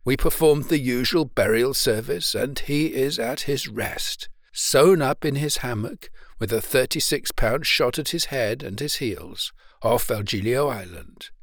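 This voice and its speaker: A man doing a calm, resolute young sailor. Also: mid-range voice, unhurried, few pauses, no room sound, studio quality. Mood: grave. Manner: steady, grave and respectful.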